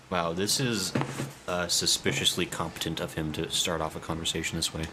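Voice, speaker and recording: A man's voice: deep voice, steady tone, fairly quick, noisy background. A man streaming a video game, chatting casually and reading viewers' messages aloud. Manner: chatty, reads chat aloud.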